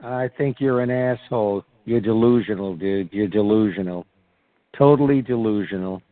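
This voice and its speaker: A man's voice: lowish voice, moderate pace, no echo. A man hosting a call-in show, firing back insults and profane jabs at callers. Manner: insulting, trash-talking. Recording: dry, phone-like.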